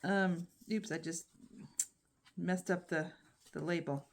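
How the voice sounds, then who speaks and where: A woman's voice: on the low side, expressive, takes it slowly, pauses often, slight background noise. A woman chatting casually to her phone camera at home as she unboxes yarn, with frequent ums and restarts. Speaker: crochet vlogger.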